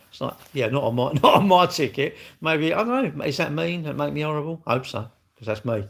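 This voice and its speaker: A man's voice: mid-range voice, expressive, fairly quick, vocal fry, hardly any pauses. A man chatting casually on a live stream, blunt and cheeky, rambling and answering his chat.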